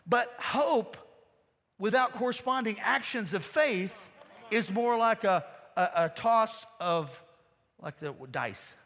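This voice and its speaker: A man's voice: high voice, lively intonation, slow, a bit bright. A man preaching a sermon, telling a folksy story and talking straight to his congregation. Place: church sanctuary. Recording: long hall reverb.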